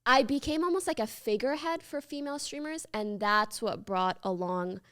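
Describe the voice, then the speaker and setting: A woman in her twenties, a guest streamer chatting casually on a podcast, animated and quick to laugh. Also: a little high, clear, resonant tone. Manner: animated, laughing, filler-heavy.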